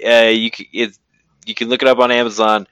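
A man's voice: medium pitch, level tone, fairly quick, fairly bright tone, clear, resonant tone, dry recording. A man in casual chat, dropping in short remarks and reading out details.

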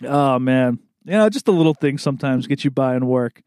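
A man's voice: mid-range voice, animated, a little fast, darkish tone, clean tone, no echo, studio quality. A man hosting a podcast in casual chat. He talks loosely, swears often and laughs a lot. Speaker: podcast host.

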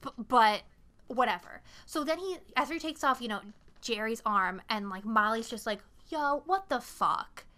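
A young woman co-hosting a podcast, recapping a movie in a casual, animated way with lots of swearing and acted-out quotes. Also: on the high side, moderate pace. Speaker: podcast co-host.

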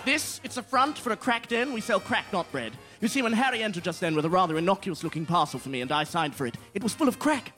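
A man's voice: sits high, expressive, fast talker, few pauses, music in the background. A man voicing an eccentric, unhinged male shopkeeper with a prim, overly formal manner.

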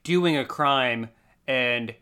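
A man's voice: mid-range voice, drawn-out words, smooth. A man co-hosting a casual podcast, adding short comments and his own takes on a comic book. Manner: relaxed, adds short agreeing comments. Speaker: podcast co-host.

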